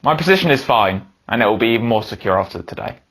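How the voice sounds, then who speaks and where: A young man giving excitable commentary over a football video game, yelling when goals go in. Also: medium pitch, quick pace. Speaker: gaming YouTuber.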